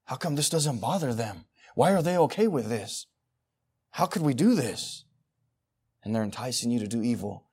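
A man preaching a sermon, moving between quiet, intimate asides and loud, emphatic passages as he reads scripture. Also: mid-range voice, breathy edge.

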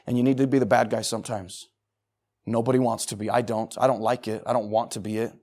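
A man's voice: mid-range voice, steady tone, quick pace, a little mellow. A middle-aged man preaching a sermon in an emphatic, conversational way, often repeating phrases for stress. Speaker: pastor.

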